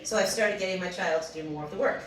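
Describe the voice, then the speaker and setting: A young woman telling a funny personal story on a comedy stage. She talks in an animated way, laughs often and acts out the voices in her story. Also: medium pitch, quick pace, crowd noise. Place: small comedy venue. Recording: roomy distant mic with audience. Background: audience laughing.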